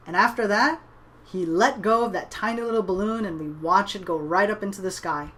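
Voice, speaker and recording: Her medium-pitched voice is brisk and a bit bright as this online business trainer tells a motivational tale. She keeps it conversational, frequently adding "you know" and "right?"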